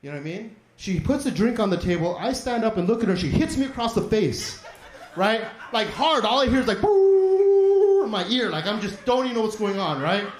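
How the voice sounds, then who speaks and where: A man's voice: sits high, lively intonation, quick pace. A man doing a profane, rambling, self-mocking stand-up set on stage. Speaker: stand-up comedian. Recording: echoey comedy club stage.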